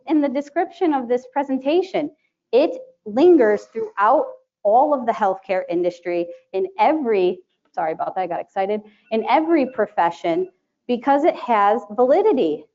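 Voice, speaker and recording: A woman presenting to a live conference audience, chatty and animated, laughing often and acting out quotes. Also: fairly high pitch. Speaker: conference presenter, sterile processing educator. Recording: dull lo-fi sound.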